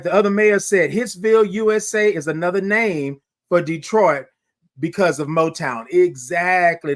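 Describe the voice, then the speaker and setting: A man's voice: a little high, a bit bright. A man hosting a morning livestream in a casual, exuberant way, reading out chat comments and sometimes singing his greetings.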